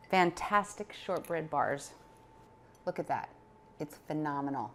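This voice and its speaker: A woman's voice: fairly low pitch, lively intonation, a little slow, gravelly, long pauses, a little hiss or hum. A middle-aged woman chatting casually as she demonstrates a recipe in her home kitchen. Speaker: cooking show host.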